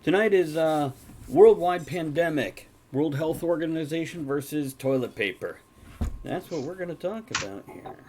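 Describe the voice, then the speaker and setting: A man's voice: fairly high pitch, normal speed. Host, man, easygoing joker, noisy home mic. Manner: relaxed, joking. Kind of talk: casual chat.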